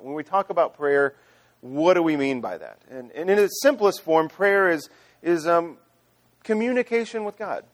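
Pastor guy preaching, chatty and loose, you-know's everywhere, voice a bit high for a man. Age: adult father. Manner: chatty, conversational with fillers and restarts. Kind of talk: sermon with storytelling.

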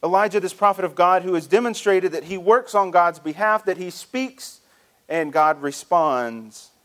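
A man's voice: high-pitched, lively intonation, normal speed, fairly bright tone. A male pastor preaching a sermon in a conversational, storytelling way with frequent restarts.

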